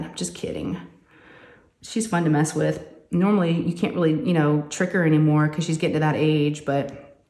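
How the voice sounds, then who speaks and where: Chatty woman, lowish voice. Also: echoey room. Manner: chatty, animated, says "y'all" often. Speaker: crafting vlogger and mother. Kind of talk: casual storytelling chat while crafting.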